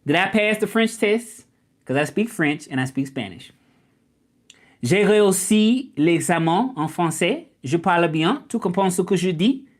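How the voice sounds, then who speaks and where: A young man from Memphis with a Southern US accent, hosting a casual livestream and answering comments in an animated, indignant way. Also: sits high, moderate pace. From Memphis, Tennessee, US. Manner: animated, indignant at doubters, drawling. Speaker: livestream host.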